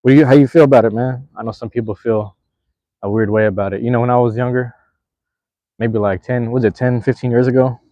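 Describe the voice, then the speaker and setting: A young man hosting a live stream, chatting with viewers in a relaxed, slangy, rambling way. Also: mid-range voice, fast talker, no room sound, muffled recording. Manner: laid-back, slangy, rambling. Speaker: livestream host. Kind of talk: casual live chat with viewers.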